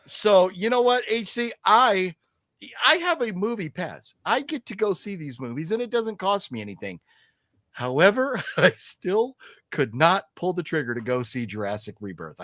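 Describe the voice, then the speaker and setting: Chatting his way through a casual live stream, a male host reads viewers' comments aloud, leaning heavily on fillers. The recording is dry and clean studio sound, and his voice is a little high with a fairly bright tone.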